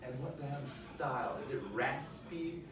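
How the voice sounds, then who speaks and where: A facilitator teaching a puppetry workshop to a group, animated and coaxing, often asking the room questions. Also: medium pitch, normal speed. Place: large room with a group of participants. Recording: echoey room, picked up from a distance.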